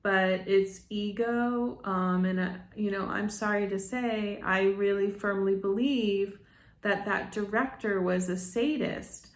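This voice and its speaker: Middle aged lady rambling slow to her viewers, lots of restarts, kinda echoey room. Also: medium pitch, fairly even intonation. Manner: rambling, addresses viewers as "you guys", many restarts. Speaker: medium and channel host. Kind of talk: casual monologue to viewers.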